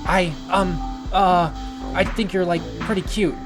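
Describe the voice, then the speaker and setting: A man voicing a shy, nervous lizard on a date, stammering and flustered in a high voice. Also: fairly even intonation, unhurried, over music.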